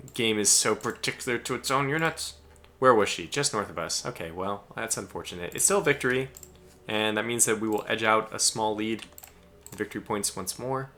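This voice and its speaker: A man's voice: on the low side, a little fast, pushed and bright. An American man casually commentating his own live strategy game stream, chatty and chuckling as he barks orders at his ships. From United States.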